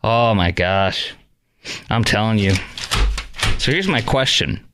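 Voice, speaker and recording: A man's voice: mid-range voice, fairly bright tone. Male talk radio host, indignant and rambling, mid-range voice, lots of ums. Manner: indignant, rambling, many fillers and restarts.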